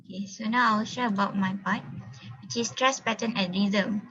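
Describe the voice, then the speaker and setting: A woman's voice: medium pitch, fairly even intonation, moderate pace, sharp tone, muffled recording. A young woman student explaining her part of a class presentation step by step over a video call, with many fillers. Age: young adult.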